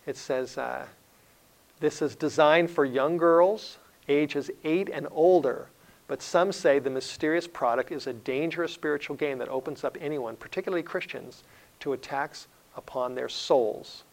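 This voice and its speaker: A man's voice: fairly high pitch, moderate pace, vocal fry, low-quality recording. A middle-aged man preaching an earnest sermon-style lecture, telling stories with frequent fillers and restarts. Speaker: evangelist speaker.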